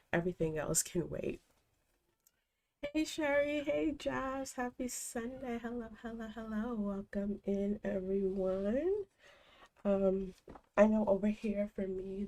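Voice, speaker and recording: A woman streaming a cozy game, congested from a cold, gently chatting and greeting viewers by name. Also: fairly low pitch. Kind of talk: casual stream chat.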